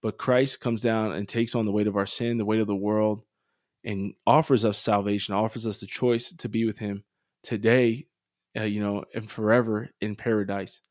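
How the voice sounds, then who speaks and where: A man's voice: on the low side, level tone, moderate pace, darkish tone, no echo, studio quality. A man hosting a casual commentary podcast, blunt and opinionated with some swearing, turning earnest and encouraging. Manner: earnest and exhorting. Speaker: podcast host.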